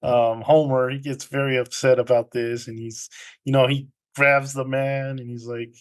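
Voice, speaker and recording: A man's voice: mid-range voice, little pitch movement, normal speed. Laid-back man recapping a film. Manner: rambling retelling with filler ums and laughs. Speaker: podcast co-host. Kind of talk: casual movie recap chat.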